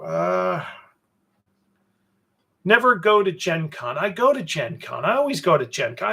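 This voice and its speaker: Male livestream host, gravelly and slightly high, sardonic rambler with lots of fillers. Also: fairly bright tone. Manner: sardonic, swears, trails off with fillers. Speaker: publisher hosting a livestream. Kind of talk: rambling livestream chat answering viewers.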